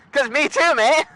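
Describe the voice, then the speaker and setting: Her voice sits high, pushed and bright, coming through poor audio with a little hiss or hum. She's a Canadian woman vlogging from her motorcycle on country roads, rambling, joking, and cursing into her helmet mic.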